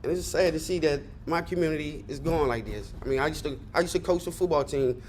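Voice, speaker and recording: A man's voice: a little high, quick pace, darkish tone, slight background noise. A middle-aged man speaking as a community member at a public hearing, earnest and frustrated, rambling as he speaks.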